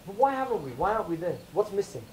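A man from the UK giving an informal lecture to a camp audience, animated and questioning, mixing Punjabi phrases into English. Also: high voice, fast talker, slight background noise, rough recording. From United Kingdom.

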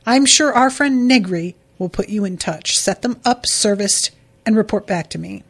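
A woman reading the lines of a stern male military officer giving clipped orders, in her own hoarse voice. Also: medium pitch, moderate pace. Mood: commanding.

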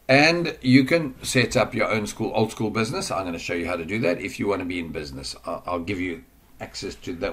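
A man's voice: fairly low pitch, fairly bright tone. A man giving a casual screen-share lesson on online marketing. He rambles and chats, and he drifts off the mic now and then while working at his computer.

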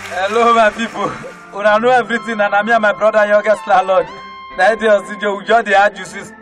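High-voiced Nigerian comic storyteller. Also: male voice, level tone, a little fast, a bit bright, faint music behind, some chatter behind. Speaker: comedian.

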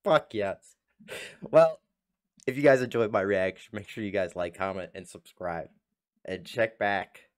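An American man hosting a reaction video, loud, excited and swearing, repeating his exclamations. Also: fairly low pitch, unhurried. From United States. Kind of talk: casual reaction commentary. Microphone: desk USB microphone.

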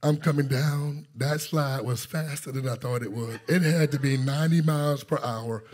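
Man, pastor, sermon, husky voice, storytelling, calls out to the congregation, builds in intensity. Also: medium pitch, moderate pace, darkish tone. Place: church sanctuary.

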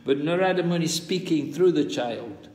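A man's voice: on the high side, moderate pace, darkish tone. Man lecturing in an echoing hall. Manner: patient, explanatory, repeats key points with rhetorical questions. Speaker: spiritual teacher giving a course class. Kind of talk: scripture study lecture. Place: large hall at a pilgrimage site in India. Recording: reverberant hall sound.

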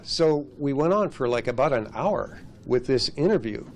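A man's voice: mid-range voice, normal speed, a little hiss or hum. A man, a former radio broadcaster, telling an anecdote at a restaurant gathering and acting out the dialogue as he goes. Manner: lively storyteller acting out quoted dialogue.

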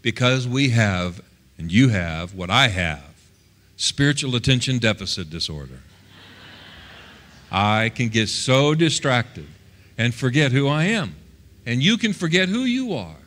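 A male pastor preaching a sermon, swinging between loud, quick passages and hushed, slow ones. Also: medium pitch, sing-song.

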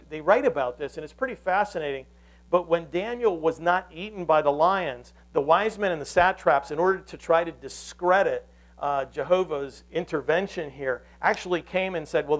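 Man preaching in a higher voice. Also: low-quality recording. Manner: earnest storytelling with frequent restarts. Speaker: pastor. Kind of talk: sermon.

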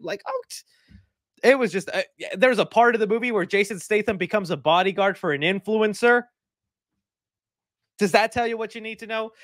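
A man's voice: sits high, a bit bright, no room sound, clean studio sound. A man who reviews movies, giving casual reaction commentary with rambling, jokey asides.

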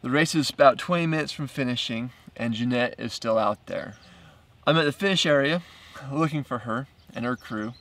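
Halting, gravelly-voiced man telling a story. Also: medium pitch, a bit bright, recorded from a distance. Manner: halting, repeats words, laughs between phrases. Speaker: filmmaker narrating his documentary. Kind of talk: casual first-person storytelling.

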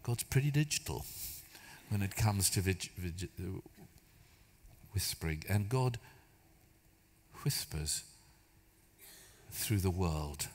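A man's voice: sits low, animated, slow, pauses often. Guy preaching, chatty storytelling, bits of humor, big echoey church hall. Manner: storytelling, conversational, self-deprecating humor. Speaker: church speaker. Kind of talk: sermon. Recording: long hall reverb.

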